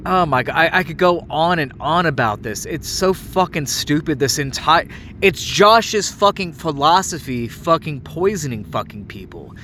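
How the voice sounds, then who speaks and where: A man's voice: a little high, lively intonation, moderate pace, sharp tone, a little hiss or hum. Angry, swearing man in his late thirties. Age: late 30s. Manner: angry, heavily profane, stumbling restarts. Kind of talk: ranting monologue.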